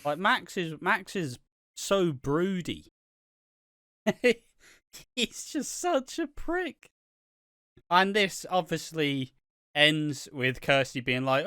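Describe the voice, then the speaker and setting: A slightly high-voiced British man in casual podcast chat, with a bright, crisp tone that cuts through. He swears freely and jumps into quick impressions of the characters as he recaps, swinging between loud outbursts and muttered asides. The sound is close and dry. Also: big pitch swings, no echo. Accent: British English. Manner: swears constantly, acts out characters' lines with big swings of pitch and loudness. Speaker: podcast co-host.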